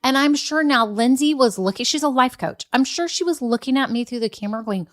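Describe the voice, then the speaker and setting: A woman's voice: sits high, expressive, brisk, hardly any pauses, fairly bright tone. A middle-aged woman hosting a business podcast, telling stories in a chatty, earnest way and repeating her key points for emphasis. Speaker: podcast host, business coach. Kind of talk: casual motivational podcast talk.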